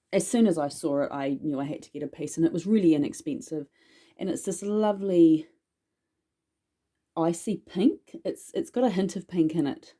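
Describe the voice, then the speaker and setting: A woman's voice: deep voice, dark tone. A woman chatting casually in a haul vlog about her witchcraft purchases, rambling and self-deprecating as she goes. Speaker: witchcraft vlogger.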